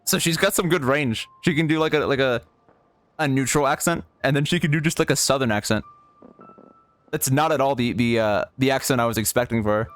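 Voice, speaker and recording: A man's voice: medium pitch, brisk, a bit bright, soft background music. A man streaming a video game, chatting casually in a rambling way with many fillers and restarts. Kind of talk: casual gameplay commentary.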